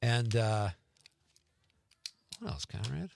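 Animated radio host man, dry studio sound. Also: slow, creaky, no room sound. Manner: animated, chuckling, swings between playful asides and low murmurs. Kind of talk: casual call-in radio chat, reading listener texts. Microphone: studio radio mic.

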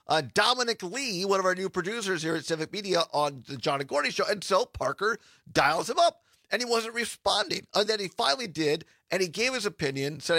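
A man's voice: high-pitched, sharp tone, no room sound, clean studio sound. A man hosting a casual radio talk show, chatty and laughing often as he reads promos.

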